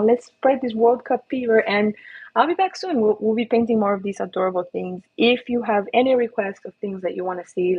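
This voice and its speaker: Chatty woman face painter, husky voice. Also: medium pitch. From Florida. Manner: chatty, encouraging, talks to her dog and viewers. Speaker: face painter livestream host. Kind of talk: casual livestream chat while painting. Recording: slightly dull lo-fi livestream audio.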